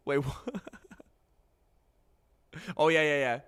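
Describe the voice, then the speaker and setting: A man's voice: mid-range voice, a little fast, long pauses, fairly bright tone. A man hosting a casual live stream, chatting loosely to his viewers, calling them "bro" and laughing often. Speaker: livestream host.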